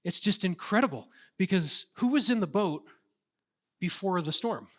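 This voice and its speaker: A man's voice: high-pitched, lively intonation, moderate pace, fairly bright tone. A man preaching a sermon as a pastor, earnest and conversational, with casual fillers.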